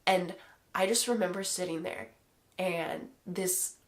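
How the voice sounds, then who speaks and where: A woman's voice: fairly low pitch, a little slow. A woman giving a personal faith testimony to the camera, talking earnestly and emotionally straight to her viewers.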